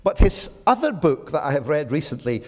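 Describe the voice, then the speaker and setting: A Scottish man in his seventies giving a measured, reflective talk to a church audience, with frequent ums. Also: fairly high pitch, sing-song. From Scotland. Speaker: speaker at a church gathering. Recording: long hall reverb.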